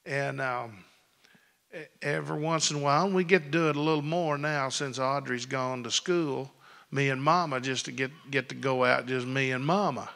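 A male pastor preaching a sermon, telling folksy stories that build into loud preaching. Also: medium pitch, normal speed, gravelly. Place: church sanctuary. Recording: long hall reverb.

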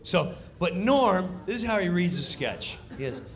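A man telling a comic story on stage in an animated, excitable way. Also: sits high, unhurried. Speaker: comedian. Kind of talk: stand-up storytelling.

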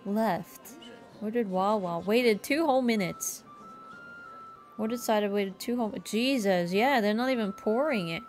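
A woman's voice: fairly high pitch, takes it slowly, faint music behind. A woman streaming a game, chatting casually to herself in a playful, jokingly bossy way. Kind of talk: casual gameplay commentary.

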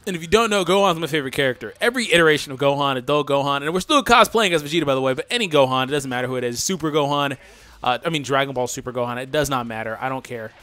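A young man hosting a let's play, chatting casually to viewers and reacting loudly to the game, his voice groggy today. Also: medium pitch, lively intonation, racing, no echo. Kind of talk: casual gameplay commentary.

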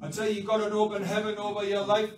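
Preacher man booming through an echoey hall. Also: completely flat delivery, fast, recorded from a distance, noisy background. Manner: fervent preaching, rising to loud exhortation. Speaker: pastor. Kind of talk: sermon. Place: large church hall. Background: congregation responding.

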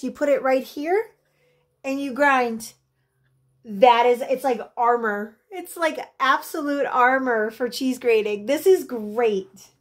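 A woman in her thirties unboxing gifts in a casual vlog, gushing and excitable as she talks straight to her viewers, and turning soft and halting when she is moved. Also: on the high side. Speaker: vlogger.

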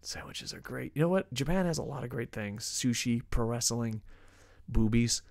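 A man's voice: medium pitch, expressive, normal speed, vocal fry, darkish tone, dry recording, clean studio sound. A man from New Jersey co-hosting a casual wrestling review, swearing a lot, laughing often and talking emphatically. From United States, New Jersey. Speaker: podcast co-host. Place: lives in Japan.

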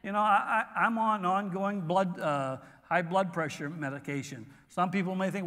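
A pastor delivers his sermon in a high, bright voice, earnest and halting as he restarts phrases. A long reverb from the church sanctuary trails behind every word. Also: expressive. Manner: earnest preaching with pauses and restarts.

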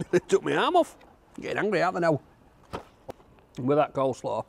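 A food reviewer eats a takeaway outdoors and talks casually to camera, chatting and enthusing over each bite. His voice is a little high, very animated and gravelly, at a measured pace with long pauses, and there's a slight hiss or hum.

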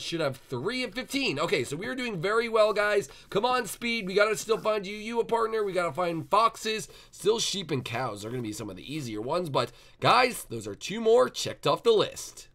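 A man hosting a Minecraft roleplay video, chattering excitedly and coaxing the game animals along. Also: sits high, normal speed, gravelly, few pauses. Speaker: gaming channel host.

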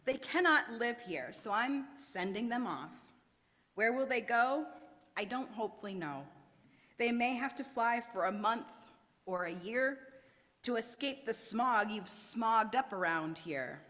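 A woman putting on a grumpy little male forest creature from a storybook, scolding and indignant, with a voice that leaps up and down. It moves at an unhurried pace and rings out in a long church reverb. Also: on the high side, animated, fairly bright tone. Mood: grumbling.

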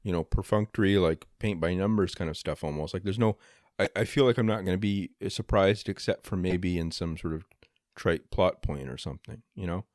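A man's voice: low voice, a little fast, a little mellow, no room sound, clean studio sound. A man hosting a casual podcast discussion, rambling and hedging with many fillers. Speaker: podcast host.

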